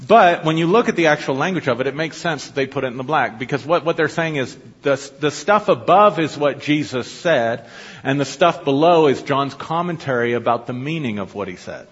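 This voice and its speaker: A man's voice: a little high, animated, brisk, breathy edge. Man preaching in a reverberant hall. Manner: conversational teaching, asks the congregation questions. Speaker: pastor. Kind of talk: sermon. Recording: dull lo-fi audio with long hall reverb.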